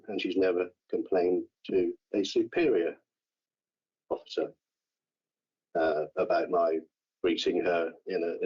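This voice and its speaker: An English man speaking as a councillor at a formal hearing, halting and repeating his words. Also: sits low, darkish tone, breathy edge. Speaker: councillor responding to a complaint. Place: council meeting room. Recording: dull lo-fi meeting recording.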